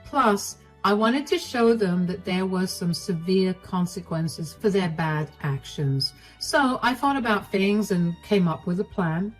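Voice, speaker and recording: A husky-voiced woman recounting a first-person story in a steady, matter-of-fact read. Her tone sits at a middle pitch and keeps an even, unhurried flow. Each sentence lands plainly, as in scripted story narration. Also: soft background music, poor audio.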